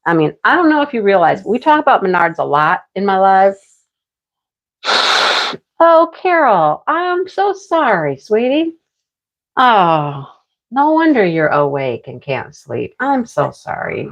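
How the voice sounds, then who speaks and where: A woman's voice: medium pitch, very animated, measured pace, creaky, lo-fi sound. Chatty woman hosting a craft livestream. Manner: chatty, rambling, often laughing, answers chat by name. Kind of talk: casual live chat with viewers.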